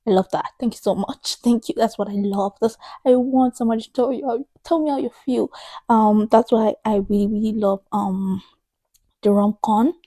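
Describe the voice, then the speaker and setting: A woman's voice: on the high side, steady tone, normal speed, mellow, no room sound. A woman in her thirties chatting in a book vlog, emphatic and exasperated, repeating herself for effect. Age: 30s. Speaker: book vlogger.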